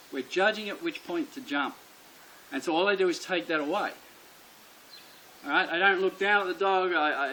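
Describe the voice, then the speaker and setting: A man's voice: sits high, bright, forceful tone, slight background noise, rough recording. A man teaching dog training, speaking bluntly and emphatically and repeating his key points. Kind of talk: instructional explanation to camera.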